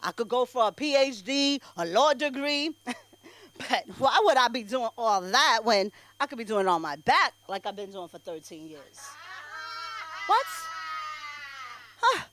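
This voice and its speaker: A woman doing a stand-up set at an open mic, brash and sassy, swinging between loud punchlines and low asides. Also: sing-song, measured pace, long pauses, slight background noise. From Bangladesh. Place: comedy club stage.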